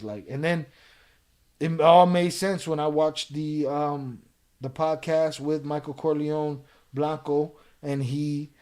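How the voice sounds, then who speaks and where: A man's voice: a little high, darkish tone. Fired-up man on a livestream. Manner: heated and profane, ranting back at a chat troll; laid-back, explaining points with repeated "you know". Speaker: live-stream reaction host. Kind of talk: casual live-stream chat, reading and answering viewer comments.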